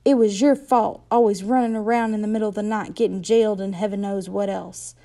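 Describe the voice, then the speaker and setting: A woman's voice: mid-range voice, steady tone, fairly quick, warm tone, close to an everyday voice. A woman putting on a hard, indignant mother. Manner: indignant, accusing. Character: resentful middle-aged mother, cold and hard.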